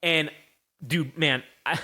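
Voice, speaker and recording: A man's voice: a little high, fairly even intonation, takes it slowly, sharp tone. A man telling a rambling, profane story as a podcast co-host. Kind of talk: casual storytelling.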